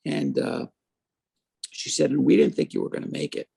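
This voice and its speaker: This man, in his fifties, has a husky and gravelly mid-range voice and speaks at a moderate pace. Appearing on an interview show, he relates his story energetically, voicing the people he quotes.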